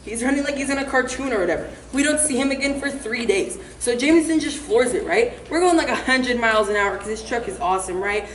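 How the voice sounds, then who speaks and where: A breezy, reckless teen troublemaker played by a woman rambles through a wild story, tossing in "like" and "right?" constantly. The voice is fairly high and rings out in an echoey theater hall with a faint hiss behind it. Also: animated, fast talker, few pauses, lightly acted. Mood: rambling. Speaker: student actor in a stage monologue. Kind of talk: comic stage monologue. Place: live on a theater stage.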